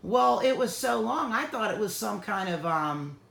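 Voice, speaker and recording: A woman co-hosting an online sale, telling animated stories with a lot of laughter. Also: medium pitch, moderate pace, vocal fry. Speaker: co-host selling magical items. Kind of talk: casual storytelling chat. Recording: echoey room.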